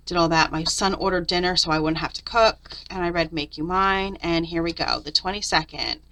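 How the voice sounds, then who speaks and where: Bright, chatty middle-aged woman. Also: on the low side, brisk. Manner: chatty, candid, venting. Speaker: papercraft vlogger. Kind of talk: casual journal flip-through narration.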